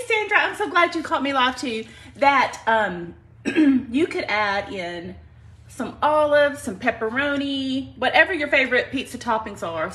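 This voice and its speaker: A Southern woman from Alabama hosting a live home cooking stream in her kitchen. She chats in a folksy way, greets viewers by name and says y'all a lot. Allergies have her clearing her throat. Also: high voice, bright, forceful tone, poor audio. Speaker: live cooking show host.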